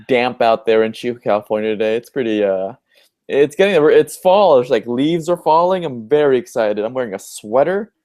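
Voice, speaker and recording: Young male co-host, mid pitch, dry and teasing, casual chat over a video call. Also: lively intonation, moderate pace, darkish tone. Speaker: podcast co-host.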